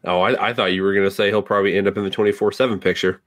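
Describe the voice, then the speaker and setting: A man on a casual wrestling podcast who keeps things relaxed and moves the talk from topic to topic, dropping in plenty of fillers. His voice sits fairly low and sounds dry and close, with almost no room around it. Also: rapid-fire, no room sound. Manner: relaxed, steers segments, uses fillers. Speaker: podcast co-host.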